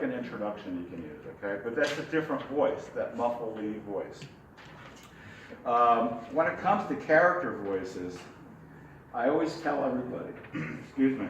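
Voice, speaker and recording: A man's voice: medium pitch, far from the mic, dull audio, slight background noise. A man teaching a ventriloquism workshop in a chatty, folksy, demonstrative way. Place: workshop room. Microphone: distant from the mic. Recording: echoey room from afar, faint background.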